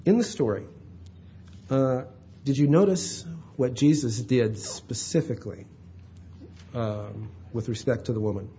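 A man's voice: mid-range voice, unhurried, long pauses, mellow, lo-fi sound, slight background noise. A male pastor preaching a sermon in a conversational way, often checking in with his listeners. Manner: conversational, checks in with "all right?".

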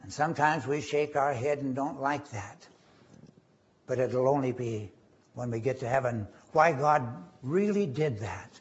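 A man preaching a sermon, quoting scripture and rising in pitch and force on key phrases. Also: measured pace. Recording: dull lo-fi recording.

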